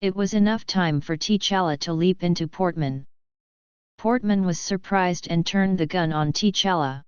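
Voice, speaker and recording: Smooth-voiced woman narrating an action story. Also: fairly low pitch, dry recording, lo-fi sound. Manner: even, measured reading.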